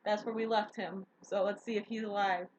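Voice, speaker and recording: A woman's voice: medium pitch, fairly quick. A woman co-hosting a casual stream chat, rambling through stories and laughing. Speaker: co-host. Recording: dull lo-fi audio with steady hiss.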